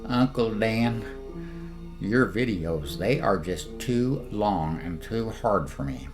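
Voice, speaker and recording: A man voicing a whiny male viewer who complains in a slow plaintive tone. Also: fairly low pitch, animated, faint music behind.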